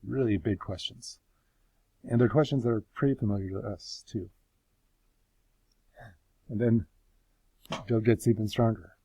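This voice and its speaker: A man's voice: fairly low pitch, a little slow, pauses often, dark tone, no room sound. A man giving casual Bible teaching, conversational and emphatic, putting questions to his listeners.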